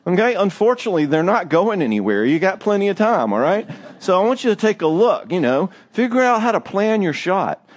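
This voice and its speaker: Animated man giving a marriage talk. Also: high voice, a little fast, hardly any pauses. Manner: animated, joking, self-deprecating storyteller. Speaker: marriage speaker. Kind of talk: church marriage seminar talk.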